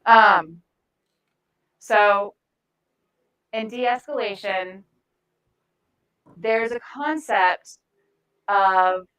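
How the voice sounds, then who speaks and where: A woman's voice: mid-range voice, very slow, long pauses, fairly bright tone, smooth, poor audio. A woman giving a live training talk to a group in a room, conversational and often searching for words mid-sentence. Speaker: de-escalation trainer.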